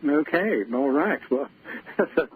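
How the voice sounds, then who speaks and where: A man hosting a radio show, asking a caller thoughtful questions about her dream in a measured way. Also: a little high, lively intonation, husky. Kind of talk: dreamwork coaching talk. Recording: tinny phone-like radio sound.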